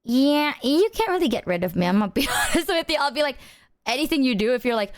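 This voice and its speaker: Woman with a slightly high voice, earnest and reassuring, chatting casually. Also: big pitch swings, fast talker. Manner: earnest, reassuring, laughs between lines. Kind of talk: casual chat.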